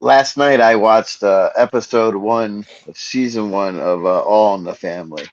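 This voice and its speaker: A man's voice: fairly low pitch, unhurried, no room sound, dull audio. A man co-hosting a podcast, rambling through a story in casual chat and laughing often. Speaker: podcast co-host.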